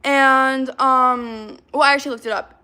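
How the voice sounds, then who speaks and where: A young woman livestreaming, chatting fast and reading out comments from her chat. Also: high voice, fairly even intonation, sharp tone, smooth. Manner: chatty, hyper, reacts to comments, fillers of like.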